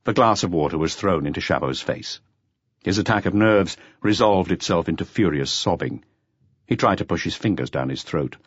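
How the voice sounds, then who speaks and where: A man with a low voice narrates a mystery audiobook in measured, expressive tones. His delivery rises and falls in a lively way. The recording is close, dry and slightly lo-fi. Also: slightly rough, no room sound. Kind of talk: scripted narration.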